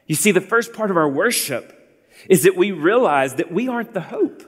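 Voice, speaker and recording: Man preaching a sermon, earnest and exhorting, fairly high voice, long echo. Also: animated, moderate pace, slightly rough. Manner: earnest, exhorting, addresses listeners as beloved.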